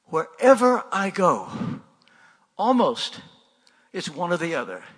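A man's voice: sits high, huge pitch swings, slow pace, fairly bright tone, husky, in a large hall. An older man preaching a sermon in a conversational way, asking rhetorical questions and repeating refrains.

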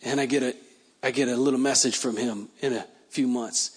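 A man's voice: mid-range voice, steady tone, brisk, breathy edge. A man preaching a sermon, telling stories and then praying in a fervent, declaring way. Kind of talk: sermon with prophetic prayer. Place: church service.

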